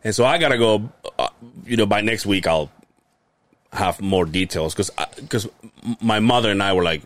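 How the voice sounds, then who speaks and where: A young man co-hosting a casual podcast, telling a family story in an animated way, acting out his relatives' voices and swearing freely. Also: fairly low pitch, normal speed, no echo. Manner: laughs hard and often. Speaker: podcast co-host.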